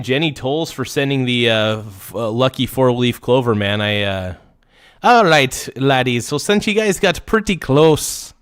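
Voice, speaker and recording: Excitable, foul-mouthed male livestream host. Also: medium pitch. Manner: excitable, swears often, reads out viewers' names to thank them. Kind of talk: casual livestream chat.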